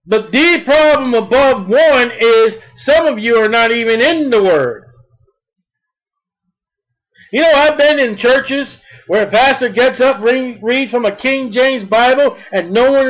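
A man preaching a sermon, reading scripture slowly and then speaking emphatically. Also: extremely high pitch, a bit bright, rough recording.

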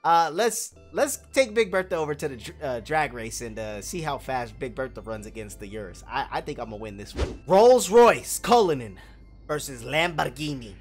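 A man's voice: medium pitch, brisk, few pauses, faint music behind. A young man with kids, giving casual gaming commentary as a video host, hyped and full of slang as he talks to viewers and a friend.

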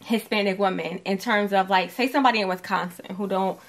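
A woman's voice: medium pitch, fairly even intonation, a little fast. Talkative New woman. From New York. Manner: talkative, explains her points at length and acts out other people's voices. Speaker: podcast co-host. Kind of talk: casual chat.

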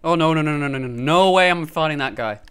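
A man giving live gameplay commentary through a gaming headset, excitable and quick to yelp and laugh in fights. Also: a little high, clean tone. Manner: excitable, frequent yelps and laughs during fights. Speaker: gamer.

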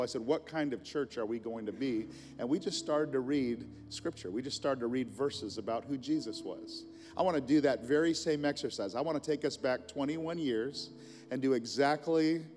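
A man's voice: mid-range voice, a little mellow, big-room sound. A middle-aged man preaching a sermon as a pastor, telling the story in a casual, conversational way with asides.

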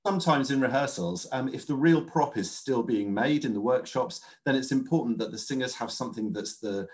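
A man working as a stage manager, speaking over a video call as a guest and explaining in a friendly, measured way. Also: fairly low pitch. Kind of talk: interview guest.

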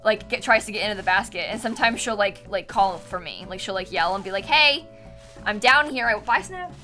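A young woman talks at a quick pace in a medium-pitched, fairly bright voice with fairly even intonation as she streams a game, music running in the background. She chats and giggles casually with viewers and uses a sing-song voice for her cat.

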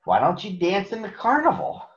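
A man's voice: high voice, wildly swooping pitch, normal speed, voice pushed up. A man voicing a kindly older elephant in a storybook reading, encouraging and grand like an announcer. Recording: echoey, muffled room recording.

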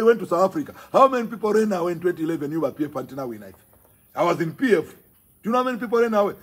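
A man's voice: sits high, husky. A man with a Zambian accent, a provincial party chairman, speaking emphatically and scolding his rivals, often repeating his phrases for force. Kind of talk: impassioned political speech to the press.

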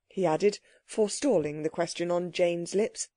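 A woman narrating a children's audiobook in a steady storytelling manner. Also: lowish voice, normal speed, hardly any pauses, dry recording, studio quality.

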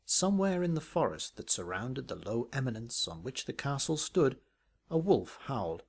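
A man's voice: medium pitch, very animated, moderate pace, husky. A man reading a comic parody story aloud in a dry, wry, arch manner. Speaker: narrator.

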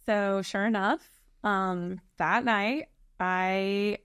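A woman's voice: mid-range voice, fairly even intonation, extremely slow, a bit bright, clear, resonant tone, no room sound, studio quality. A woman telling her personal story in a candid conversation, earnest and reflective, often restarting her sentences. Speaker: birth mother guest.

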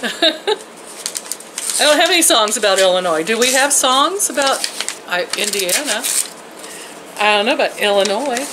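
Speaking a little slowly and pausing often, an older woman vlogger chats with viewers in a homey, folksy way from inside her house and out in her yard. Her voice is high-ish and expressive, with background noise around her, and she laughs a lot and addresses her pets.

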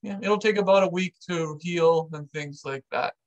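A blunt, matter-of-fact army doctor, quoted by a man telling a story. The voice sits fairly high for a man and keeps a plain, unfussed delivery. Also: moderate pace, dull audio, lightly acted.

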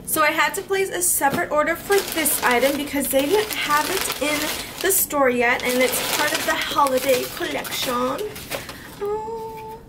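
A woman's voice: high-pitched, normal speed, hardly any pauses, far from the mic, noisy background. A woman in her twenties gushing and squealing with delight as she unboxes a beauty haul, speaking a little off-mic. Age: 20s. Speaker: beauty vlogger.

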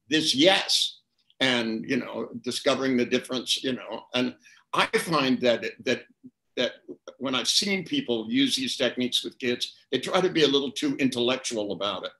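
A man's voice: mid-range voice, fairly bright tone, rough recording. An older man answering questions as a guest expert, talking in loose, rambling anecdotes with fillers and restarts.

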